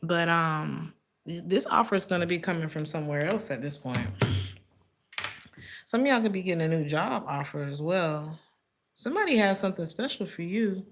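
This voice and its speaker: A woman's voice: fairly low pitch, lively intonation, moderate pace, slight background noise. A woman giving a casual tarot reading, blunt and chatty, laughing often and calling listeners baby and honey. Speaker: tarot reader.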